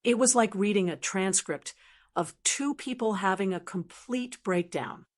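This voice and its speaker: A woman narrating a first-person story in a calm, steady, measured way. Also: medium pitch.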